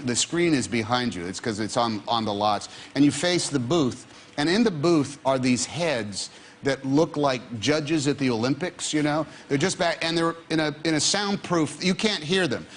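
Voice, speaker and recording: A man telling a lively story as a talk show guest, in a drawn-out way. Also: fairly high pitch. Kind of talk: animated anecdote on a talk show. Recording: studio audience and room noise.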